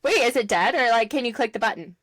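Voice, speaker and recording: A woman's voice: a little high, lively intonation, fast, a bit bright, no echo, studio quality. A young woman co-hosting a casual podcast chat over a video call, chatty and full of fillers and laughs. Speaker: podcast co-host.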